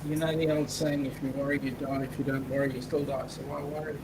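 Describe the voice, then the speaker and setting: A man with an Australian accent co-hosts a casual livestream, reading viewer chat comments aloud and joking about them. His mid-range voice is flat and fast, and the recording is very noisy.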